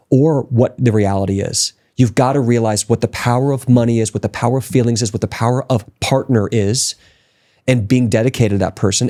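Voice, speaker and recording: A man with a fairly low voice tells his own story as a guest in a casual podcast interview. He's emphatic and motivational, growing more excited as he goes.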